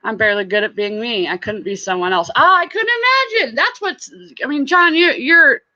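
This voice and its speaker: Bright-voiced chatty woman streamer. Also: a little high, brisk, dull audio. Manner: chatty, warm greetings to viewers, laughs often. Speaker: live-stream host and reseller. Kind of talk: casual live-stream chat, reading viewer comments.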